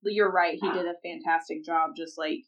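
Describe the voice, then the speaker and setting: A woman's voice: low-pitched, fairly even intonation, moderate pace, distant mic, dull audio. A woman co-hosting a podcast in casual chat, frank and opinionated, laughing as she quotes scenes. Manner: frank, opinionated, blunt wording, laughs while quoting. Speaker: podcast co-host.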